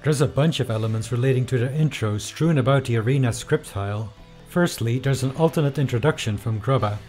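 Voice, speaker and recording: A man narrating a casual video essay, his delivery wry and chatty. His voice sits at a middle pitch, with faint music underneath. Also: fairly quick, darkish tone.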